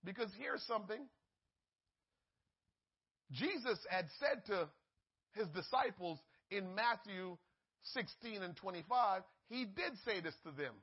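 A man preaching a sermon, swinging from shouted peaks to hushed asides and acting out the voices in the story. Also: very high voice, very animated, unhurried, husky, lo-fi sound.

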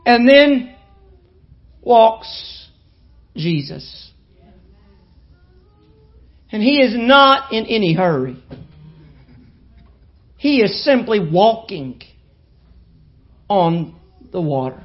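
A woman preaching a sermon to a congregation, impassioned and rhythmic, dropping to soft low asides and then rising to shouts. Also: expressive, drawn-out words, long pauses, lo-fi sound. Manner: repetitive rhythmic preaching cadence. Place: church with live congregation.

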